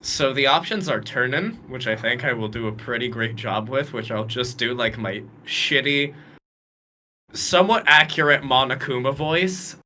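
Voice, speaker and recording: A man chatting casually as co-host on a charity livestream, animated and laughing often. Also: mid-range voice, normal speed, slight background noise. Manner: animated, laughs often, bursts into silly voices. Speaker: stream co-host.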